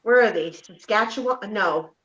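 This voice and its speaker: A woman joining a livestream panel over a video call, chiming in slowly with laughs. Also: mid-range voice, fairly bright tone, echoey room, dull audio. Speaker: panel guest. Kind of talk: casual livestream chat.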